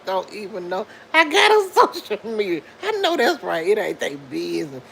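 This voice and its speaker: A woman's voice: medium pitch, big pitch swings, normal speed, creaky, few pauses, a bit bright, a little hiss or hum, rough recording. A middle-aged woman, hosting a casual live stream and talking back to commenters, laughing often.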